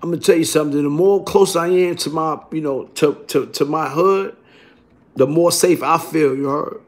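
A man from Brooklyn speaks in a raised, high register. He rambles in a raw street monologue, cursing freely and circling back with the same tag questions again and again. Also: moderate pace. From Brooklyn, New York. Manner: streetwise, profane, repeats "you heard?" tags. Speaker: vlogger.

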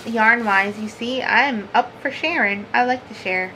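A bright, fairly high-voiced woman rambles happily through a home crafting vlog. She laughs often and says "like" a lot. There is a faint hiss under her voice. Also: a little slow, low-quality recording. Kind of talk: casual chat to camera.

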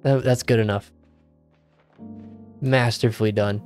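A playful man narrates his own game session, joking and muttering to himself. He talks at an unhurried pace with a mid-range voice, and faint game music plays behind him. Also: mid-range voice, a little mellow. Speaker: gaming video creator. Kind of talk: let's play commentary.

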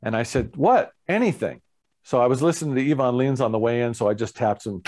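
Animated man telling a story. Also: mid-range voice, quick pace. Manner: animated, acts out other people's lines with laughs. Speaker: guest musician, bassist. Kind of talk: casual storytelling interview.

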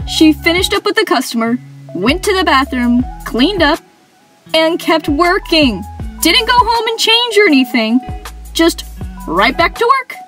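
A young woman narrating funny work stories with wry, sarcastic humor. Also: sits high. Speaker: animation storyteller. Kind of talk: story-time narration.

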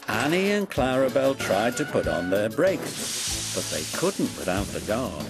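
Slow, lively storybook narrator, man. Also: on the low side. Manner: slow, expressive reading. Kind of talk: storybook reading. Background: background music.

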